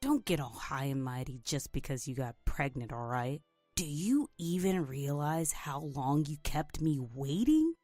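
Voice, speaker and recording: A woman's voice: sits low, big pitch swings, measured pace, mellow, no room sound, faint music behind, voice pushed down, exaggerated voice. A woman playing a cold, scornful husband. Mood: contemptuous. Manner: scornful, curt and demanding. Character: cold dismissive young husband, man.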